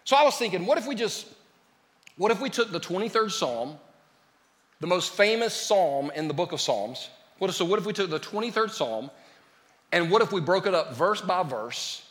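A man preaching a lively sermon as a pastor, joking with his congregation. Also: high voice, normal speed, big-room sound. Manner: lively, joking with the congregation, calls them "y'all". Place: church sanctuary.

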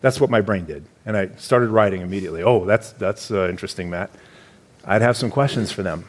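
A man, a church elder preaching a sermon in a conversational, explanatory way with animated emphasis. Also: on the low side, a little fast.

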